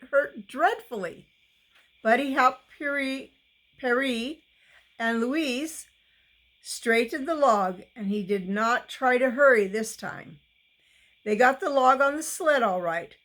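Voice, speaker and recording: Slow, deliberate woman reading aloud. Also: fairly high pitch, a bit bright, rough recording. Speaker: reader. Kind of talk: reading a children's novel aloud.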